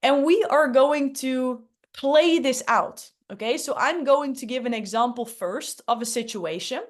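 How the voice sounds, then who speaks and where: A woman hosting an online workshop on public speaking, upbeat and emphatic. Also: on the high side. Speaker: workshop host.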